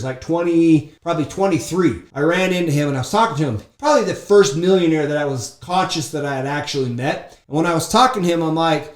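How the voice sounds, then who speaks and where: A man giving a motivational business talk as an entrepreneur and coach, telling energetic stories full of asides and quoted dialogue. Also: on the high side, echoey room.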